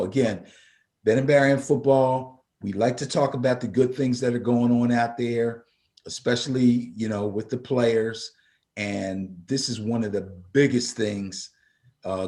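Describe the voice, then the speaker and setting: Speaking in a fairly low, darkish voice, a male co-host of a laid-back football talk show argues his points emphatically. When he gets worked up, he tends to repeat words, in typical casual sports radio fashion.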